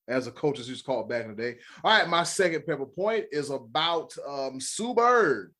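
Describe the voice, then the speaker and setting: A man's voice: a little high, animated, normal speed, few pauses. A man with an American accent co-hosting a sports podcast, rattling off stats with jokey asides. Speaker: podcast co-host. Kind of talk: casual sports chat.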